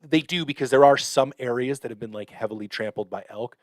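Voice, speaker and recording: A man hosting a podcast, telling a hunting story in a casual, profane, animated way with lots of fillers. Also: medium pitch, brisk, dry recording. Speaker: podcast host.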